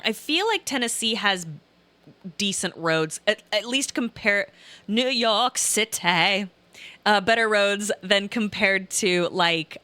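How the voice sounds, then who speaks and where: Bright-voiced chatty woman with a Southern Illinois accent. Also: medium pitch, dry recording. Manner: chatty, rambling, laughs often. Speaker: streamer reading chat. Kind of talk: casual live-stream chat.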